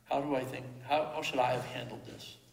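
Man, middle-aged, gravelly, reflective storytelling, halting with fillers, long hall reverb. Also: medium pitch, steady tone. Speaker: father telling a personal story. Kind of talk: casual personal storytelling.

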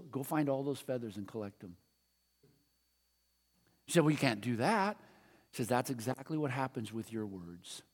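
A man preaching a sermon as pastor, animated, reading scripture and leading prayer. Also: mid-range voice. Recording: long hall reverb.

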